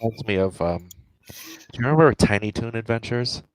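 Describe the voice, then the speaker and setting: A man's voice: medium pitch, animated, a little fast, smooth, no room sound, low-quality recording. A man co-hosting a casual writing stream, telling jokey stories and laughing as he talks. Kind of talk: casual chat.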